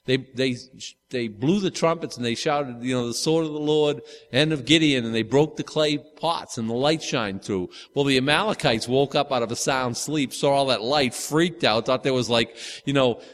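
Fifties male pastor, chatty rambling sermon delivery, mid-pitched, long hall reverb. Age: 50s. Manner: casual, rambling, with frequent restarts and asides. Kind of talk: conversational sermon.

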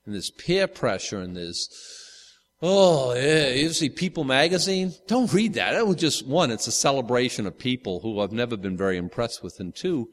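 Fifty-something preacher in a reverberant hall. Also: male voice, medium pitch, expressive, normal speed. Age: 50s. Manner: casual, rambling, with frequent restarts and asides. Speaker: pastor. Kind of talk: conversational sermon.

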